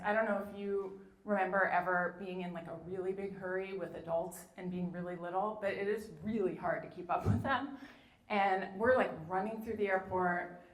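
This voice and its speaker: Woman, 50s, from new york, low voice, chatty storyteller, lots of ums, echoey room. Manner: chatty, many "um"s and "like"s. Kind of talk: personal story told live.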